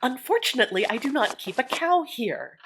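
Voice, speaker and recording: A woman's voice: sits high, sing-song, moderate pace, fairly bright tone, slight background noise, pitched above the performer's own voice, heavily acted. Lady doing a snippy young telegraph girl, fed up, short answers, audio drama. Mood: tart. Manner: curt, impatient replies. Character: young woman telegraph operator, tart and weary.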